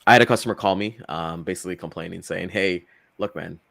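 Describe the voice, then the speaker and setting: Deep-voiced man, chatty and loose. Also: fast talker, creaky, fairly bright tone, no echo. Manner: loose and chatty, full of fillers; acts out quotes with big jumps in pitch. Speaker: co-host. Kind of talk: casual morning show chat.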